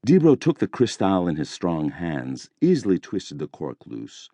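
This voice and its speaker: A man narrating a thriller audiobook in a measured, deliberate storytelling manner, recorded on a close studio mic. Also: low voice, huge pitch swings, warm tone, dry recording.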